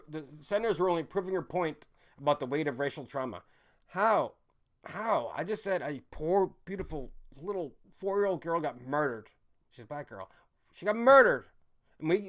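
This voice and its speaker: A man with a slightly high voice rants through a live stream monologue. He is heated and profane, jumping between loud outbursts and low mutters.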